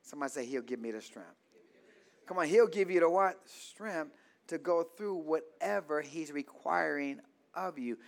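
A man's voice: a little high, normal speed, vocal fry. A man preaching a call-and-response sermon in a church, leaving blanks in his lines for the congregation to fill and repeating key phrases. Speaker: pastor.

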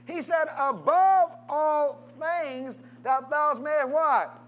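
A man preaching a sermon, constantly calling out questions for the congregation to answer and urging them to say amen. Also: extremely slow. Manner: call-and-response preaching with wide swings in pitch and loudness.

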